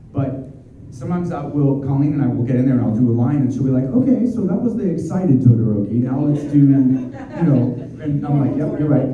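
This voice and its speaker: A man, a voice actor, answering fan questions at a convention in an excitable, energetic, chatty way. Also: medium pitch, a little hiss or hum. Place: convention hall. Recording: dull, distant, very echoey hall.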